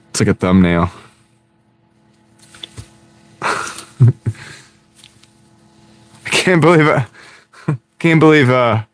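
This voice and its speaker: A man hosting a casual live stream from his car, rambling and joking with viewers, often breaking into laughter, on a wireless clip-on mic. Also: medium pitch. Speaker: livestream host chatting with viewers. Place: inside a car. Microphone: wireless clip-on microphone.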